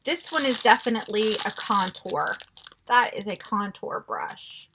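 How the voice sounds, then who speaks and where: A woman vlogger chatting casually through a beauty box unboxing, gushing and excitable with frequent gasps. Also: medium pitch, a little slow, noisy background. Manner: gushing and excitable, gasping often.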